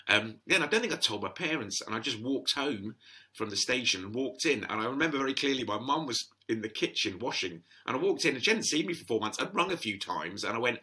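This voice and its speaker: A man's voice: medium pitch, big pitch swings, fast talker, sharp tone. A middle-aged man telling stories in a chatty, rambling way, full of restarts, as a podcast guest. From England. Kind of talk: casual storytelling.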